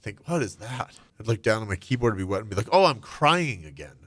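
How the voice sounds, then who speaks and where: A middle-aged man telling his own story candidly and reflectively, his voice often trailing off soft and low. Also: steady tone, very fast, a little hiss or hum. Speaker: guest.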